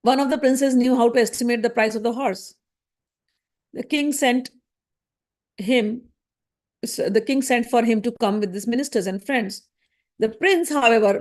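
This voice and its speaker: A woman retelling a scripture story in her own words, often correcting herself and acting out the characters' quoted speech. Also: fairly high pitch. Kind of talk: unscripted spoken storytelling.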